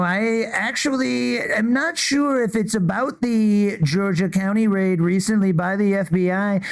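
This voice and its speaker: A man's voice: sits high, gravelly. A man doing a comic impression of a bombastic older politician who boasts, rambles and keeps calling the audience "folks". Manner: repetitive rally-style boasting, addresses "folks".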